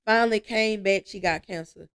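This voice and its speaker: A woman, telling stories with lively energy and easy laughs as a guest in a casual interview. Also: mid-range voice, moderate pace, smooth. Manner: lively storytelling, laughs easily.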